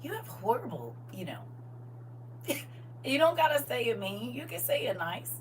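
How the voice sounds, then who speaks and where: A middle-aged woman streaming live chats through a story for her viewers, laughing and animatedly acting out the quotes. She speaks at a normal speed in a voice on the higher side. There's a faint hum from the distant microphone.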